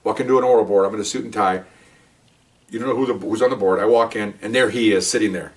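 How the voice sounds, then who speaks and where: An older man, a retired police officer, tells stories in a quick, lively way. He often pauses to check in with "okay?" and restarts his sentences as he goes. His voice comes from a little way back from the microphone. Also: fairly low pitch, distant mic. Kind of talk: casual anecdotal storytelling.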